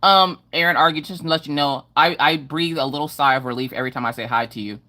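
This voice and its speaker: A woman's voice: sits low, quick pace, sharp tone. A middle-aged woman hosting a casual livestream from home, greeting viewers by name in a sing-song way. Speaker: livestream host.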